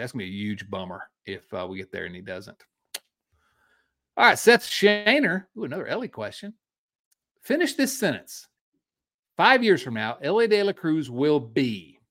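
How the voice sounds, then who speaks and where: Animated man in his forties. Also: mid-range voice. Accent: Midwestern American. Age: 40s. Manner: animated, chatty, quick to laugh. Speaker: podcast co-host. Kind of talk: casual sports talk.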